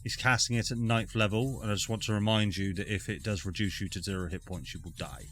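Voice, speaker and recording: Bright-voiced man running a tabletop game. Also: on the low side, steady tone, fast. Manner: dramatic, swears freely. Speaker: dungeon master.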